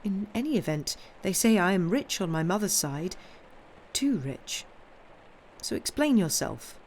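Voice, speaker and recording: A woman reading aloud and voicing a gentle, devoted young granddaughter in a pleading, emotional way. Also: medium pitch, big pitch swings, a little slow, a little hiss or hum.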